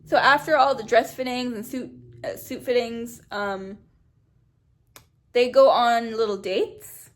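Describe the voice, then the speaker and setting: Blunt, sarcastic woman with a higher voice. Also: fairly even intonation, slow. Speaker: YouTuber reviewing a reality show. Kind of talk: casual commentary.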